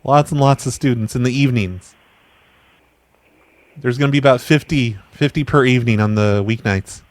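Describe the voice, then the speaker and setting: A man running a prank phone call with a deadpan, stubborn delivery, sounding mock-offended at every turn. His voice sits at an ordinary middle pitch. It comes through close and dry, with no room sound at all. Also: moderate pace, no echo. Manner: deadpan, persistent, feigning offense. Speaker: prank caller and show host.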